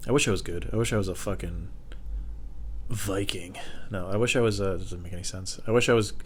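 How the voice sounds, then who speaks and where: A young man, a comedian, rambling in a loose, profane, self-deprecating way, with lots of fillers and sudden loud high voices when he quotes people. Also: brisk, a little hiss or hum. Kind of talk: rambling stand-up style monologue.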